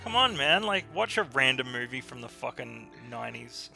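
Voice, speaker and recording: Gravelly male gamer, lively storyteller, laughs a lot, game music in the background. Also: medium pitch, normal speed. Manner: animated storyteller, laughs often, acts out quotes. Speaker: let's play co-host. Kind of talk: casual chat over gameplay. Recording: music bed behind voice.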